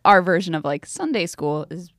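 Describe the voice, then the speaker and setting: A woman's voice: fairly low pitch, normal speed, no echo, studio quality. A young woman from South Carolina, co-hosting a podcast and telling stories in a casual, laughing way. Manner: laughing, animated storytelling. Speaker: podcast co-host. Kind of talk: casual chat.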